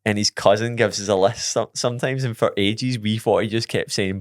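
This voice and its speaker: A man's voice: fairly low pitch, steady tone, a little fast, no echo, studio quality. Laughing Scottish man telling stories. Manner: laughs often while telling stories, puts on voices in quotes. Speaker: podcast host. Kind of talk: casual podcast chat.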